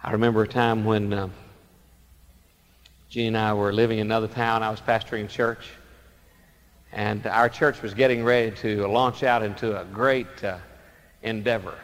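A male pastor preaching a sermon, telling stories dramatically and swinging between loud emphasis and soft asides. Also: lowish voice, flat delivery, normal speed, pauses often, in a large hall.

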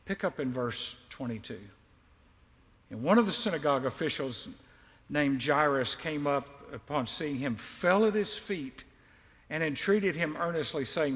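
Male pastor, high voice, sermon delivery; emphatic swells and quiet asides, echoey church. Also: animated, moderate pace. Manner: emphatic, swells loud on key lines, then drops quiet and confiding. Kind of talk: sermon, reading scripture with commentary.

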